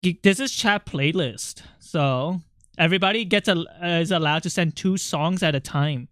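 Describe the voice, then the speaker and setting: An art streamer chatting casually while drawing, joking around, quickly apologizing and running down their own skills. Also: mid-range voice, fairly bright tone, dry recording, studio quality. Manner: self-deprecating.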